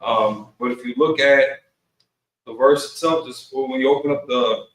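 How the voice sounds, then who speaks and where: A man's voice: mid-range voice, a little slow, a bit bright. A man teaching an online Bible class, casual and easygoing, using slang as he walks learners through Hebrew words. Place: Milwaukee, Wisconsin. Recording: echoey room, voice from far off the mic.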